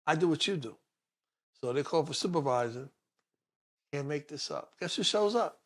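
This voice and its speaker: A man's voice: a little high, normal speed. A middle-aged man, a police detective telling a story in an interview and acting out the voices of the people in it. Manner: animated, acts out the voices of people in his story.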